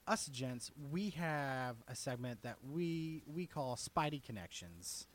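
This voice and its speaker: A young man hosting a podcast, relaxed as he leads the segment with quick asides. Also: mid-range voice. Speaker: podcast host. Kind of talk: casual podcast chat.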